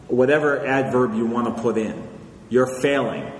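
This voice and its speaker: Answering questions from an audience in a large hall, a male author takes a conversational, lecturing tone and frequently checks in with "okay?" He has a mid-range voice with lively intonation and speaks at normal speed. The live Q&A recording is echoey, with faint noise.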